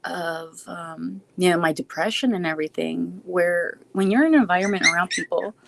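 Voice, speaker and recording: A woman's voice: on the low side, moderate pace, creaky. A woman live streaming a casual Q&A, answering chat in a rambling, reflective way with frequent restarts.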